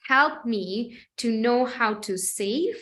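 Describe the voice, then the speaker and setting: Chatty Russian-accented woman, higher voice. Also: expressive, takes it slowly, a bit bright. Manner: chatty, frequent "like, you know" fillers. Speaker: podcast host. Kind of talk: casual interview chat.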